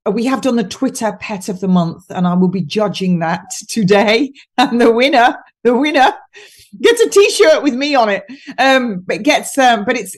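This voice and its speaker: A woman talking on a podcast as a guest, chatty and mocking, laughing often as she tells stories. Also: mid-range voice. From United Kingdom. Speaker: guest nutritionist. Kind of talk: casual podcast chat.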